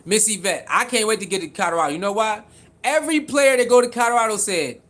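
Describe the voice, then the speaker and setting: Animated high-voiced man riffing to viewers. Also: fast. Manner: animated, repetitive, talks straight to viewers. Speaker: sports commentary streamer. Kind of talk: casual reaction commentary, reading viewer comments.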